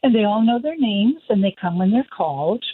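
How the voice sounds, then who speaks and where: A woman's voice: mid-range voice, lively intonation, a little fast. A woman calling into a radio show, friendly and earnest, sometimes giggling. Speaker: caller. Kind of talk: call-in chat. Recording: phone line with light hiss.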